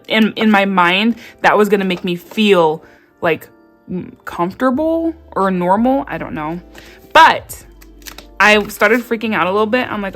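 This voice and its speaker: A woman vlogger telling a personal story in a casual, animated way, acting out what people said and laughing often. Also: medium pitch. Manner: animated storytelling with frequent laughs and acted-out quotes.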